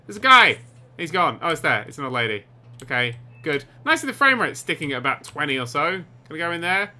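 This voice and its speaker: Excitable bright-voiced gaming commentator man. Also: a little high, fairly quick. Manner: excitable, sarcastic, swears. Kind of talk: let's play commentary.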